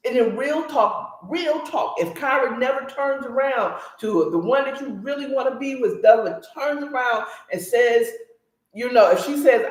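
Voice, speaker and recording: A woman's voice: high voice, measured pace. A woman casually recapping a story with blunt, opinionated commentary, talking straight to her listeners. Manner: animated, blunt and opinionated, talks to listeners directly. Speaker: book recap host. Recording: roomy echo.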